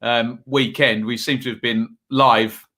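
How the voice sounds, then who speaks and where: Guy hosting a live stream, tired, bright voice, chatty with the chat. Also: mid-range voice, flat delivery, a little slow. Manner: chatty, reads out chat messages and scores. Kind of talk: casual live-stream chat and score updates.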